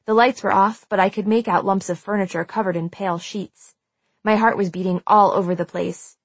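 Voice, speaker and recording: A woman's voice: mid-range voice, fairly even intonation, brisk, breathy edge, no echo. Woman narrating a suspenseful audiobook. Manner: tense, suspenseful storytelling. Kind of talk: first-person audiobook narration.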